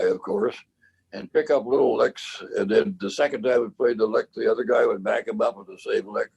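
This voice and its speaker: A very old man reminisces about his band in a relaxed interview. His low voice is gravelly and husky. He rambles, stops and restarts his sentences as he tells his stories. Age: 90s. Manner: rambling, halting storyteller with many restarts. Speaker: bandleader and cornet player.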